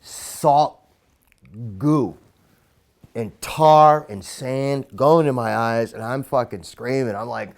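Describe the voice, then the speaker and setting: A middle-aged man recounting a childhood memory in an interview, swearing constantly, his voice surging loud and then dropping low. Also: slow, creaky. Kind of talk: emotional storytelling.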